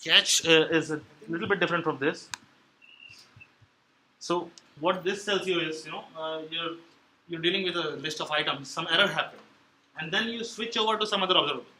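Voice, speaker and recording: A man's voice: on the high side, a little fast, sharp tone, a little hiss or hum, rough recording. A man presenting a technical meetup talk, explaining step by step with many fillers and restarts. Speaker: meetup speaker on Android programming. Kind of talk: live technical talk with audience questions. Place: meeting room at a tech meetup.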